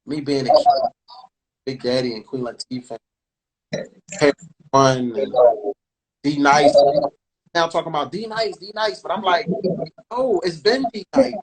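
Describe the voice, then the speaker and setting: A man in his forties hosting a casual interview over a video call, speaking haltingly with many restarts and fillers. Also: on the high side, rough recording. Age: 40s. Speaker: interview host.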